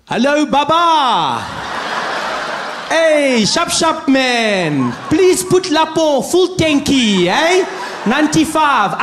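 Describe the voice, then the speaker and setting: A man putting on a condescending male driver who shouts slow, sing-song orders. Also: very high-pitched, roomy sound, a little hiss or hum, pitched above the performer's own voice, exaggerated voice. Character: condescending male driver bossing a pump attendant.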